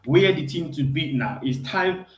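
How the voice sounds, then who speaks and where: A hoarse man calling in as a guest on a fan show. He sounds elated, keeps repeating himself and talks haltingly with many ums. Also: on the high side, expressive, reverberant, a little hiss or hum, rough recording. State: hoarse from screaming. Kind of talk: casual chat.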